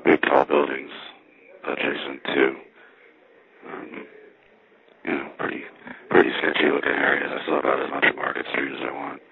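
This payphone hobbyist's voice is extremely low, with vocal fry, a completely flat delivery, normal speed and frequent pauses. Calling from a public payphone by a station, he rambles wryly through a spoken diary, wandering off and correcting himself, the handset giving a tinny line.

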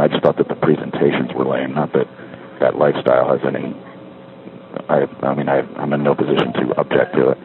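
A middle-aged man with a bass voice leaves a spoken diary from a street payphone, rambling casually, wryly, and correcting himself. The tinny line picks up faint street noise.

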